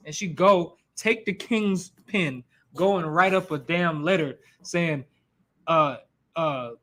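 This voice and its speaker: A man's voice: high-pitched, unhurried. A man teaching a Bible class in a casual, slangy way, acting out the quotes as he goes. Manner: animated, slangy, acts out quotes.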